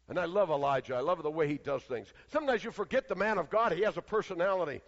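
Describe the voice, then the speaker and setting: A man preaching a sermon who swings between loud, declaiming passages and hushed, quiet ones. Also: fairly high pitch, animated, quick pace, few pauses. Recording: long hall reverb, dull lo-fi sound.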